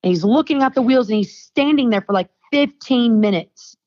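Lively young woman telling a story, lo-fi. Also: fairly high pitch, moderate pace. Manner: animated storyteller, acts out quoted dialogue. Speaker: podcast guest. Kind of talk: casual storytelling chat. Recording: dull, lo-fi dry sound.

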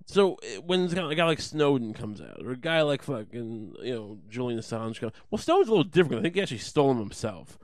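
A man's voice: medium pitch, very animated, fast, few pauses. A man on a fiery, sarcastic rant, swearing freely and breaking into mocking impressions of the people he scorns. His voice sits in an everyday middle register, recorded dry and close with no room echo. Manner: profane, heated, sarcastic, with mocking put-on voices. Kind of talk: ranting monologue.

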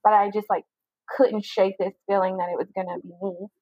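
A woman's voice: mid-range voice, little pitch movement, a little fast, breathy edge, no room sound. A young woman telling a personal story as an interview guest, candid and rambling, with "like" in almost every sentence. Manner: candid, rambling, heavy use of "like". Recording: dry, phone-like narrow sound.

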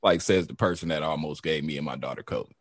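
A man's voice: rumbling low, fast, dry recording, studio quality. A young adult man co-hosting a casual chat, telling stories in a laid-back, profane way. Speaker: podcast co-host.

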